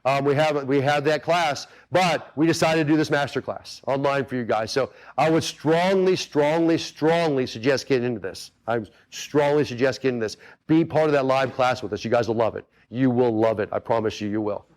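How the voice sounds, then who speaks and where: A man's voice: medium pitch, moderate pace. A man hosting a golf coaching webinar in a casual, earnest way, often turning straight to his listeners to check they follow him. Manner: earnest, repetitive, talks straight to the audience with many asides.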